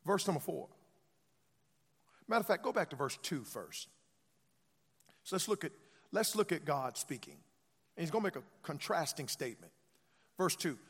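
A man's voice: a little high, big pitch swings, moderate pace, pauses often, husky. A male pastor preaching a sermon, urging the congregation to repeat after him in emphatic, repetitive call-and-response phrases. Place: church sanctuary. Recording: long reverb of a church hall.

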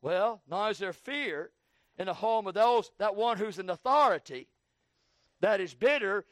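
A man with a very high voice preaches an evening sermon, hammering phrases in call-and-response rhythm. He drops to near-whispers and then climbs to shouted peaks. The sound is dry and close. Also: no echo. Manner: swings from hushed low phrases to shouted peaks.

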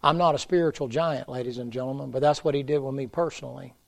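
Gravelly revival preacher. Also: male voice, medium pitch, fairly even intonation, fast talker. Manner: folksy, storytelling preacher, swings from loud to hushed. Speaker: pastor. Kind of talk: revival sermon.

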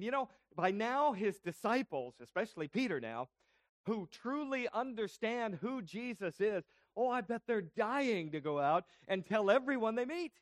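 Male pastor, sermon delivery, high pitch, explanatory and questioning, dry recording. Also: no echo. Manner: explanatory, asks rhetorical questions.

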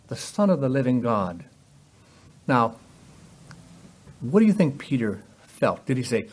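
A man's voice: mid-range voice, sing-song, unhurried, long pauses, breathy edge. A man preaching a sermon, emphatic and full of rhetorical questions, acting out the voices in the passages he quotes.

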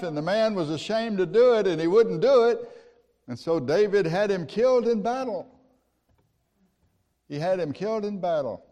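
A man's voice: high-pitched, darkish tone. A man preaching a sermon, telling stories in a folksy, conversational way with rhetorical questions. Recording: long hall reverb.

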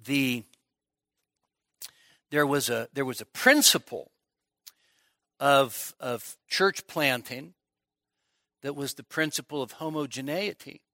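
A man's voice: mid-range voice, takes it slowly, long pauses, pushed and bright, dry recording, clean studio sound. A middle-aged man preaching an expository sermon at a midweek church service, emphatic, often repeating words as he builds a point. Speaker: pastor.

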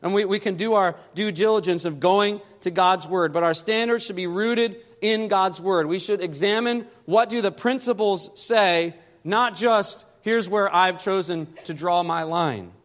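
A pastor preaching a sermon, climbing higher and louder to press his points and dropping soft and low to close them. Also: measured pace, hardly any pauses, long reverb tail.

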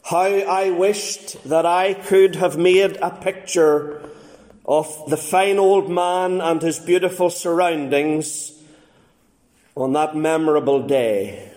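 A man preaching a sermon, reading a story aloud slowly and deliberately with dramatic pauses. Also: fairly high pitch, darkish tone. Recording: echoey room.

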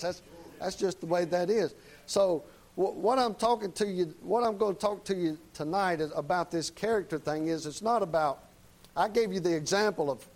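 A man preaching a sermon in a folksy, plain-spoken way, often checking in with the congregation with quick tag questions. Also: sits high, a little mellow, poor audio.

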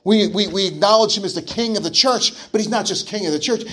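Pastor type, male, fairly high-pitched, earnest preaching delivery. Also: fast, hardly any pauses, fairly bright tone. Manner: earnest preaching with repetitions and restarts. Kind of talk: sermon.

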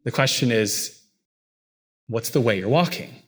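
Speaking a little slowly with a breathy edge, a man gives a sermon as pastor, his voice dipping into quiet, heavy lows and rising into emphatic lines.

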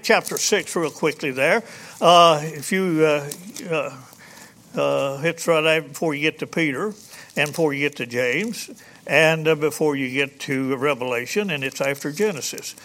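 A man preaching a folksy sermon, halting with many fillers and restarts. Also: fairly high pitch, fairly bright tone. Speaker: pastor.

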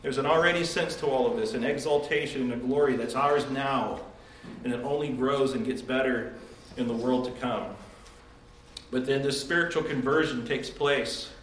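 A man's voice: medium pitch, steady tone, moderate pace, fairly bright tone, slight background noise. A man preaching a devotional sermon, earnest and emphatic, asking and answering rhetorical questions. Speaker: pastor. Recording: echoey room from far off.

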